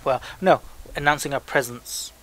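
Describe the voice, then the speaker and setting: A young man reads listener emails aloud on a casual podcast, joking and stumbling as he goes. His voice is bright and forward. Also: medium pitch, moderate pace. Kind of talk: casual chat.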